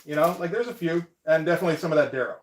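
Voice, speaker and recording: A man's voice: on the high side, rapid-fire, slight background noise. A man chatting casually on a live stream as a comic artist, rambling and laid-back, with casual swearing.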